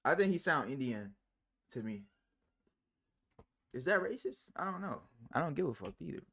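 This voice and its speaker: A man streaming live and reacting to clips in casual chat, slangy and profane, rambling with many fillers and big jumps in pitch and loudness. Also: very animated, moderate pace, breathy edge.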